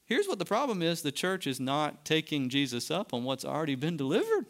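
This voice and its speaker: A man's voice: on the high side, huge pitch swings, fairly quick. A man preaching a sermon to his church, building to emphatic peaks. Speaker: pastor. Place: church sanctuary.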